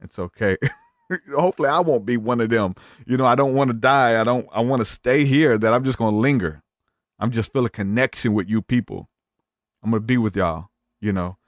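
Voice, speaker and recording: A man's voice: medium pitch, a little fast, no room sound. Man rambling on a dry podcast mic. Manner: rambling, with many fillers and restarts. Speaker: podcast guest. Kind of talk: casual storytelling chat.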